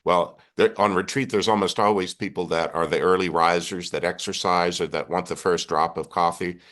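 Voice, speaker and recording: Brief: older Texan priest, very low voice, earnest storyteller who keeps restarting his sentences. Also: steady tone, normal speed, fairly bright tone. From Texas. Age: 60s. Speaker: Catholic priest and guest. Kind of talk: conversational storytelling interview.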